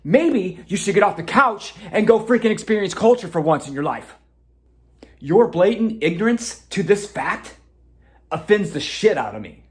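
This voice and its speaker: A man's voice: high-pitched, big pitch swings, moderate pace, voice pushed up. A man voicing an easily offended, indignant young man who complains in a whiny, huffy way.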